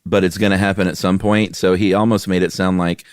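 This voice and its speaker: A man with a very low voice co-hosts a podcast, rambling in a relaxed, self-deprecating way. The sound is dry and close on a studio microphone. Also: brisk, clean tone, no room sound. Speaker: podcast co-host. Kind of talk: casual chat.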